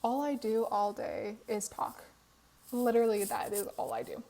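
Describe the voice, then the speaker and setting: Young female creator, mellow and a touch high, tired, chatty voiceover recorded on a phone in an apartment. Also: sing-song, normal speed, poor audio. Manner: chatty, laughs often, tired. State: tired, worn voice. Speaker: Sims speed build creator. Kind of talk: casual voiceover chat. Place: apartment room.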